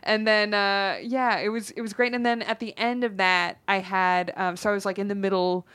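A woman comedian chatting as a podcast guest, telling lively stories, swearing and laughing often. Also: mid-range voice, normal speed, smooth, dry recording. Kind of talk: casual podcast chat.

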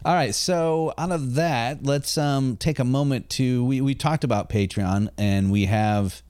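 A male podcast co-host in loose, casual chat who laughs easily. His voice sits at a medium pitch. The room is dry, with no echo. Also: a little slow, darkish tone, clean tone.

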